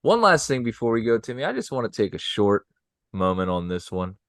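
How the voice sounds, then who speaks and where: Man, podcast co-host, teasing, upbeat, animated pitch, dry close recording. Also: fairly quick, no echo. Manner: teasing and upbeat, laughs easily. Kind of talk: casual chat.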